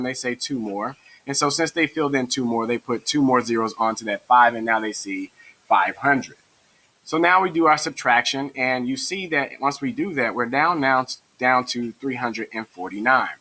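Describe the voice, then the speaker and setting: Man, math teacher, tutorial lesson, encouraging, step-by-step, bright tone. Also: medium pitch, low-quality recording.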